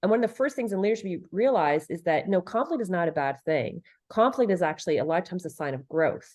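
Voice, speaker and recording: A woman's voice: on the low side, lively intonation, fast, darkish tone. Emphatic middle-aged woman explaining. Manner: earnest and emphatic, repeats phrases for stress, acts out quoted lines. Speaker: guest, leadership and relationship expert. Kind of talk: conversational podcast interview.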